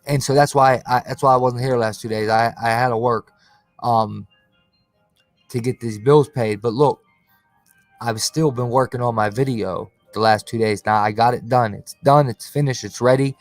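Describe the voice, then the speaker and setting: A man's voice: mid-range voice, fairly even intonation, normal speed, no echo, faint music behind. A man hosting his own channel, ranting casually on a livestream, confrontational and slangy, tacking "bro" and "cuz" onto his lines. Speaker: conspiracy channel host.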